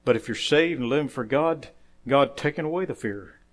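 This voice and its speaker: A man preaching a sermon as pastor, quoting scripture, saying "amen" often, rising to loud emphatic phrases and dropping quiet for asides. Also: moderate pace. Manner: emphatic preaching that swells louder on key phrases and drops low and quiet for asides; quotes scripture with frequent "amen".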